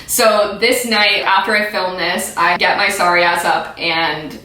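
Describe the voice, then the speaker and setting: A woman's voice: lowish voice, steady tone, a little slow, pushed and bright. A young American woman candidly reacting to her own old video, chatty and self-mocking. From United States. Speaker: vlogger. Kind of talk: casual reaction commentary. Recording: echoey room.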